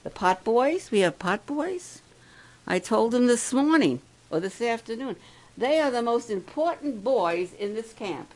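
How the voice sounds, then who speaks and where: A woman giving a devotional talk to campers and adults, asking the crowd questions and slowing down to stress key words. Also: fairly high pitch, expressive, a little mellow, rough recording. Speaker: camp speaker.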